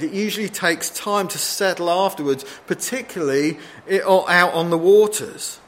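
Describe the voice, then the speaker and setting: A man preaching a sermon, reading scripture aloud and acting out pleading quotes with rising intensity, slowing down for emphasis. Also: on the high side.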